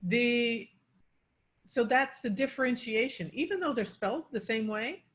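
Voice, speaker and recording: A woman's voice: a little high, expressive, unhurried. A woman coaching pronunciation, explaining word stress and demonstrating it on example words.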